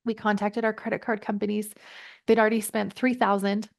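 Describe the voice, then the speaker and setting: A woman's voice: medium pitch, level tone, creaky. Earnest woman telling a personal story. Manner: earnest, reflective, quick asides. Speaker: podcast guest, parenting coach. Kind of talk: conversational storytelling.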